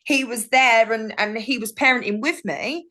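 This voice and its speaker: A woman's voice: a little high, normal speed, bright, forceful tone. A woman, chatting casually as a podcast guest and telling stories animatedly. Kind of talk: casual chat.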